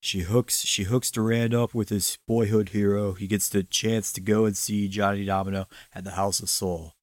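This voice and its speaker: A man's voice: lowish voice, level tone, moderate pace, no echo. A man co-hosting a podcast, chatting casually and enthusiastically about a TV episode, swearing freely and laughing often. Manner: laid-back, profane, enthusiastic, often laughing. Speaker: podcast co-host. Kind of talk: casual chat recapping a TV episode.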